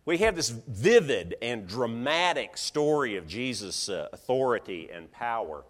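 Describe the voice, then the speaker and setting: A man preaching a sermon, telling the story with lively, animated delivery and acting out what people think and say. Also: mid-range voice, unhurried, in a large hall.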